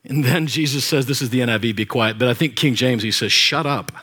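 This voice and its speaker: A male pastor delivering a sermon with a bright, forceful tone. He talks to the congregation in a relaxed, conversational way, with playful jokes between scripture readings. His voice sits at a middle pitch for a man. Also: a little fast, slightly rough. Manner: conversational, joking asides to the congregation; reads scripture aloud with commentary.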